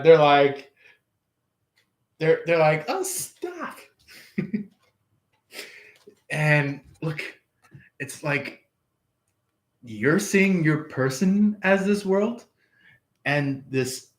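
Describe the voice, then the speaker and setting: A man giving a casual tarot reading, rambling, chuckling and acting out quoted lines. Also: fairly high pitch. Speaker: tarot reader. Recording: echoey room.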